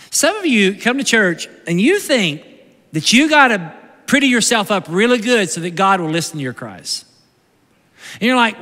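A male pastor preaching a conversational sermon, moving from loud bursts to hushed, slow lines, recorded live in a church sanctuary. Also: high voice, very animated, big-room sound.

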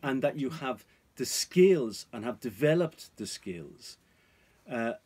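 A man's voice: medium pitch, animated, slow pace, a little mellow, breathy edge. A man vlogging about off-grid life, talking to viewers in an earnest, cautionary way. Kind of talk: casual advice to viewers.

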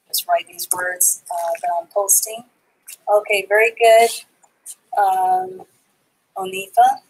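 Husky woman reading teacher, slow and patient delivery, spells words out letter by letter for adult learners. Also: mid-range voice, steady tone, low-quality recording. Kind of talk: live online reading lesson.

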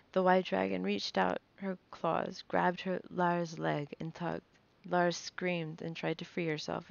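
A woman reads a fantasy novel aloud in a low, gravelly voice, nervously stumbling and restarting words. The recording sounds dull and lo-fi. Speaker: reader.

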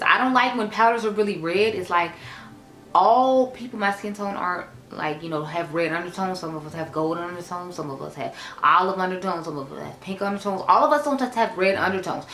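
A woman's voice: fairly low pitch, a bit bright, echoey room. A woman giving a frank, chatty makeup review, with lots of fillers. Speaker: beauty vlogger. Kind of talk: casual product review.

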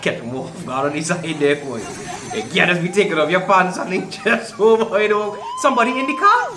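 A man hosting a reaction video, talking casually and excitedly, often repeating himself in slangy speech. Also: high voice, brisk, roomy sound, heavy background noise. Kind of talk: casual commentary reacting to clips.

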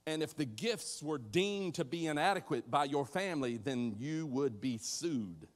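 A man preaches to his congregation in a lively, conversational way, joking and acting out the people in his story. His voice sits a bit high for a man. It rings out with a long reverb from the church hall. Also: unhurried. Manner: animated, conversational, acts out voices and jokes with the congregation. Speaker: pastor. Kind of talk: sermon.

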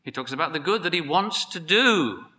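A man preaching a sermon, emphatic and building to excited peaks. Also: on the high side, moderate pace. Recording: long hall reverb.

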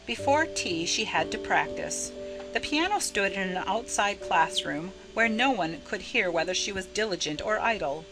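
A woman reading a novel chapter aloud in a measured, expressive narration. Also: medium pitch, low-quality recording. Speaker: audiobook narrator. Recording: narration with music underneath. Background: music.

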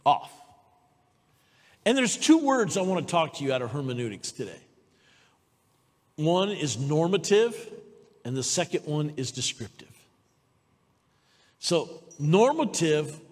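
A woman preaches a sermon in a church sanctuary. She tells stories energetically and keeps calling out for amens. Her voice rings with the long reverb of the hall. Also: sits low. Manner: lively storytelling, calls for amens.

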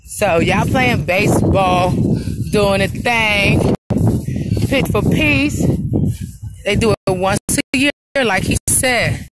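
Speaking slowly with long pauses, a medium-pitched woman walks around an outdoor park event and narrates it live through her phone camera. She stays casual and upbeat, laughing often, while outdoor noise fills the background.

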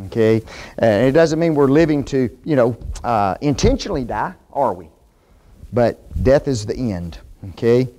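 A man teaching a Bible class sermon in a church, folksy and animated, often asking the class questions. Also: medium pitch, unhurried. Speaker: preacher.

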